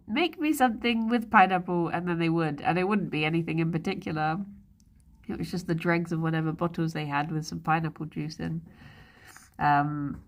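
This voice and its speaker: A young woman streaming live, chatting casually and rambling, laughing often as she goes. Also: on the low side. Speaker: livestreamer. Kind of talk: casual chat.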